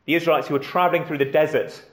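A man's voice: on the high side, steady tone, rapid-fire, reverberant. A man preaching a sermon in a conversational way, with rhetorical questions and questions put to the children.

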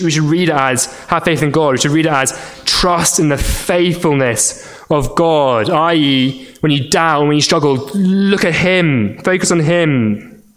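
Earnest man preaching a sermon. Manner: earnest, repeats words when restarting, rises in pitch for emphasis. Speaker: pastor.

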